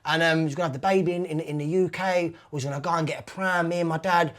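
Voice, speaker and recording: Higher-voiced East London man, rambling. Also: fairly even intonation, very fast, a bit bright. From East London, England. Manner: rambling and heartfelt, heavy on "like", "man" and "mate". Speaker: interview guest. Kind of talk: casual conversational interview.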